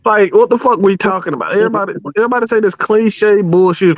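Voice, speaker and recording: A man's voice: sits high, brisk, hardly any pauses, no echo. A man on a live stream who rants in a fired-up, profane way and trips over his own words as he restarts. The sound is dry and a little dull. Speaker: podcast co-host. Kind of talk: heated live stream rant.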